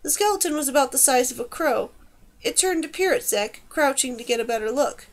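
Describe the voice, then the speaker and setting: High-voiced woman reading a fantasy audiobook, steady storytelling. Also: a little fast. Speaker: audiobook narrator. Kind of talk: scripted narration.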